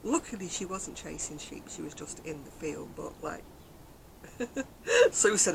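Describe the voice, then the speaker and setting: A woman's voice: lowish voice, sing-song, unhurried, vocal fry, long pauses, noisy background. An English woman vlogging about her crochet in casual, rambling chat, laughing often as she tells stories, recorded outdoors on a garden deck. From England. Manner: chatty, rambling storyteller who laughs often.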